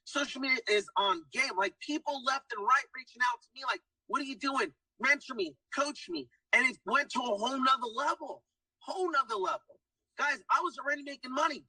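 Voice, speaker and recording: Man, high voice, emphatic motivational pitch, recorded dry, away from the mic. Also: sharp tone, no echo, distant mic, poor audio. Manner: hyped, emphatic, keeps saying "guys" and "guess what". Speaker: testimonial speaker.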